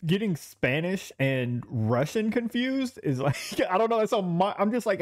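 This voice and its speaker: A man's voice: sits high, normal speed, few pauses. A man from south Texas hosting a casual chat, reacting with disbelief and restarting his sentences. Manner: expressive, incredulous reactions with restarts. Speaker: host.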